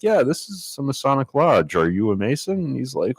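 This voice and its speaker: A man co-hosting a podcast, telling a story in casual chat and acting out the people in it with sudden high-pitched quotes. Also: fairly quick, hardly any pauses, no room sound. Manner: animated, acts out quotes in a high voice. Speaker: podcast co-host.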